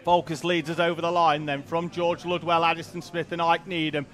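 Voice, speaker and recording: A man's voice: on the high side, flat delivery, fairly quick, fairly bright tone. A man from Yorkshire with a Yorkshire accent, giving chatty, joking live commentary on a kart race. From Yorkshire, England.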